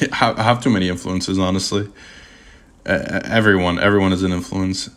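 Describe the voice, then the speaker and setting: A young man of Puerto Rican heritage chatting casually on a livestream, rambling and animated, with constant stammering restarts and slang. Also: low voice, brisk. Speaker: streamer answering chat.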